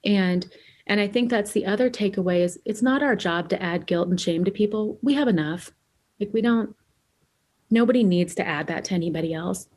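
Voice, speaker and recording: 40s woman guest on a podcast, emotional storytelling, acts out what people said, mid pitch. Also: normal speed. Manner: animated, acting out remembered dialogue; candid and emotional, searching for words. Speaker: podcast guest, author and speaker. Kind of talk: personal storytelling in an interview.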